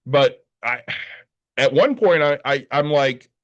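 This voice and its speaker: A man's voice: mid-range voice, slow, muffled recording. A man co-hosting a podcast, telling a long story in a casual, profane way and acting out the other people's lines. He sounds worn out after a short night's sleep. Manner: profane, animated storytelling with quoted dialogue. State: tired from little sleep. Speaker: podcast co-host. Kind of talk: casual chat.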